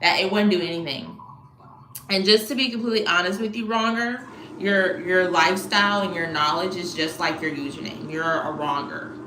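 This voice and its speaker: A woman's voice: lowish voice, fairly quick, bright, forceful tone, reverberant, slight background noise, poor audio. A woman hosting a livestream, bluntly scolding a commenter in casual chat. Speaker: livestream host. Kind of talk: casual live chat to viewers.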